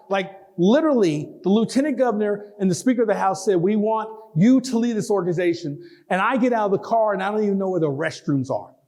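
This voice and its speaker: A man, giving a folksy, animated public lecture and taking audience questions in a lecture hall. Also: high voice. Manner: animated, folksy, talks straight to the crowd. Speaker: guest lecturer.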